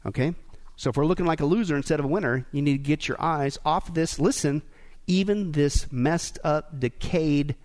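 A man preaching a sermon as pastor, animated and humorous, tossing questions out to the congregation. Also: a little high, moderate pace. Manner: call-and-response questions to the congregation.

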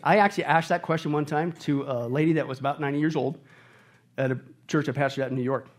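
A middle-aged male pastor preaching a sermon, animated and often shouting on his high points. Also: quick pace.

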